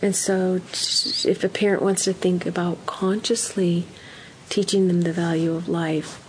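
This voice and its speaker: Earnest woman counselor, lowish voice. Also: level tone, measured pace, slight background noise, rough recording. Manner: warm, earnest, emphatic, acts out example dialogues. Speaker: parenting counselor guest. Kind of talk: conversational advice talk.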